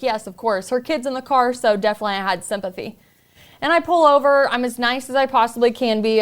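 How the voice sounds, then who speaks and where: Woman, podcast host, earnest, confiding storytelling, clear smooth voice. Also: mid-range voice. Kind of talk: candid personal storytelling.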